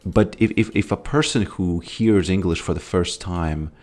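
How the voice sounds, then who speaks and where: Low-voiced man rambling over gameplay. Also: moderate pace, a little mellow. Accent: American. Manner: rambling, loose, with frequent fillers and trailing thoughts. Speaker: streamer. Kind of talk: casual gameplay commentary, reading chat aloud.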